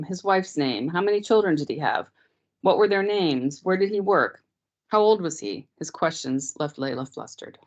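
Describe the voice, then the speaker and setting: A woman teacher reading a novel aloud to a class in a steady, measured way, on dull lo-fi meeting audio. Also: low voice.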